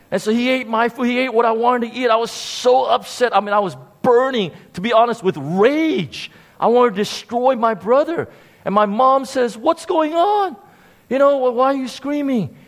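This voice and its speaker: A man preaching a sermon, telling a story with animated emphasis and frequent repeated words. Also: very high-pitched, normal speed. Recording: long hall reverb.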